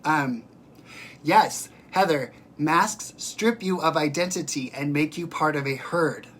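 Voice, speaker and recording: A woman's voice: deep voice, slow pace, slight background noise. A woman hosting a livestream, talking straight to her viewers in an emphatic, rambling way and answering their comments as she goes.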